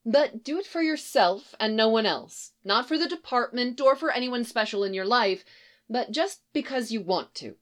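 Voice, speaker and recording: A woman's voice: a little high, animated, moderate pace, pitched above the performer's own voice, lightly acted. A woman voicing an earnest, sensible young woman giving advice. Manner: earnest, reasoned.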